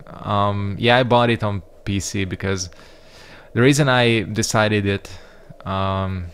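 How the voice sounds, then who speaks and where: Low-voiced man swearing through gameplay. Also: fairly even intonation, slow pace, fairly bright tone, smooth. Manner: rambling, profane, reactive. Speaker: gaming YouTuber. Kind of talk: casual let's-play commentary.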